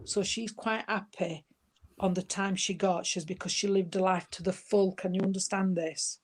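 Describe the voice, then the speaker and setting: Woman medium, warm-toned chatter, endearments throughout, mid pitch. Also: steady tone, normal speed. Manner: gentle, chatty, full of endearments like sweetheart and darling. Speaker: spiritualist medium. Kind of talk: giving a spirit reading.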